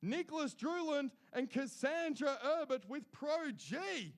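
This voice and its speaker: A man's voice: extremely high pitch, lively intonation, normal speed, slight background noise. A man announcing award winners at a live ceremony, cheering them on and adding chatty asides between names.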